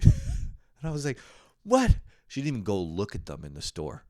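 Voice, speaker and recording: A man's voice: sits low, big pitch swings, fast talker, darkish tone, no room sound, clean studio sound. A young man telling a comedic story in a casual monologue, swearing often and breaking into exasperated yelps. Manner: frequent swearing. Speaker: host.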